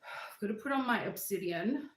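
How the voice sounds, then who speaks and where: A woman's voice: medium pitch, lively intonation, normal speed, roomy sound, a little hiss or hum. A woman hosting a casual livestream from home, chatting loosely and cooing at and scolding her dog. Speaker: livestream host. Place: at home, indoors.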